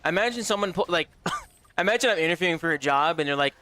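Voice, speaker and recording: Brash, high-voiced gaming streamer guy. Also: expressive, fast talker, pushed and bright. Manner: brash, profane, joking, talks straight to chat. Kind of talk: casual livestream chatter.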